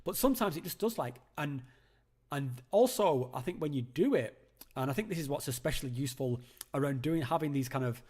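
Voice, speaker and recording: A man's voice: fairly high pitch, expressive, a little fast, a little mellow, husky. Rambling man hosting a call-in. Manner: rambling, chatty, many fillers and restarts. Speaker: host of a live call-in show. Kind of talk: casual live-stream chat.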